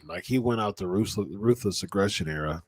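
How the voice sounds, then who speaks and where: A podcast host with a lowish, slightly breathy voice talks fairly quickly about wrestling in a casual chat. He rambles, often restarting and correcting himself mid-sentence. The recording is dry and studio quality.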